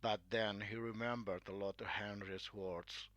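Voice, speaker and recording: A man narrating a classic story, reading in a clear, measured way. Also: lowish voice, fairly even intonation, a bit bright, no echo, dull audio.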